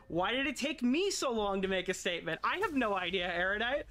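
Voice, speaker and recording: A woman's voice: mid-range voice, big pitch swings, brisk, few pauses, fairly bright tone. A woman streamer ranting in casual commentary, exasperated and swearing often.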